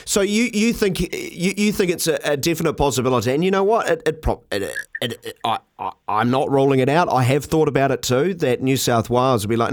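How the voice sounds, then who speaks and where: New Zealand man, talkback host, relaxed and chatty, dry close sound. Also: mid-range voice, brisk, hardly any pauses, no echo. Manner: easygoing, hesitant restarts, calls callers mate. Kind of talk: talkback radio chat.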